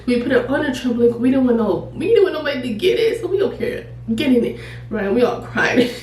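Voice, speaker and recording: Lively woman telling a storytime, echoey room. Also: on the high side, fast talker. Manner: animated, profane, frequent laughter. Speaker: YouTuber. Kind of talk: casual storytime. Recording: echoey room, distant mic, faint noise.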